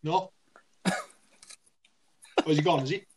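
A man co-hosting a casual sports podcast, excitable and full of banter, laughing often. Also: on the high side, drawn-out words, recorded from a distance, background noise. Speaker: podcast co-host.

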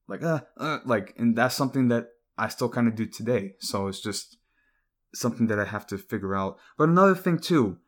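A man's voice: medium pitch, animated, fairly quick, husky. A young man talking casually to the camera in a rambling, hesitant way, full of fillers and restarts. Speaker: vlogger.

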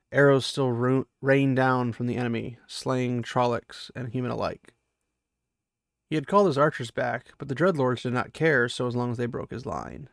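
Man, gravelly voice, dry close sound, mid-pitched, fantasy book reading with chatty asides. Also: no echo. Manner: reads the battle with rising intensity, then chats excitedly with fans. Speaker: book reader and commentator. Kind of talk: dramatic reading mixed with casual commentary.

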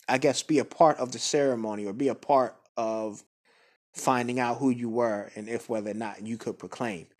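Man telling a story, laid-back. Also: medium pitch. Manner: laid-back, conversational, with frequent fillers and asides. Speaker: guest speaker. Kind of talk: casual storytelling.

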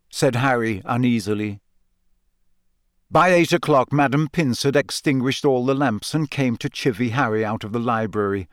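A man reading an audiobook in a measured, expressive narration. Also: medium pitch, no room sound, studio quality. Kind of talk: scripted narration.

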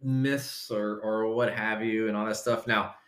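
A man's voice: on the low side, steady tone, measured pace, fairly bright tone. Rambling man in an echoey room. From Texas. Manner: rambling, full of fillers. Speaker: podcast guest. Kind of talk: casual chat.

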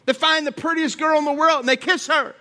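A man's voice: very high voice, fairly even intonation, a little fast, pushed and bright. A male preacher delivering a sermon in church, calling out to the congregation. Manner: calls out to the congregation.

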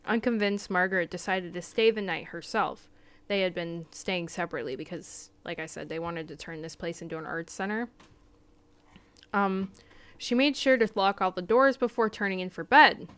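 A woman hosting a podcast, telling a spooky story in a casual, chatty way that sometimes drops to a hushed tone. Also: fairly low pitch, clean tone. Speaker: podcast host.

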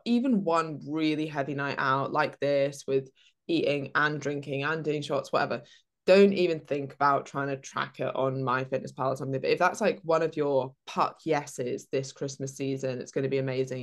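A woman's voice: very deep voice, moderate pace. A woman, a fitness coach co-hosting a podcast, chatting casually and giving practical advice.

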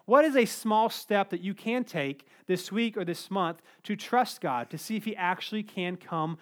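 A male pastor preaching a sermon in a conversational, animated way, with asides. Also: sits high, normal speed.

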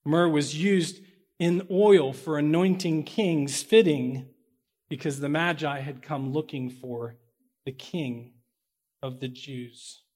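Slightly high-voiced man preaching a sermon. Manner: slows down and stresses key words, with swings in loudness; corrects himself out loud mid-sentence. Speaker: pastor.

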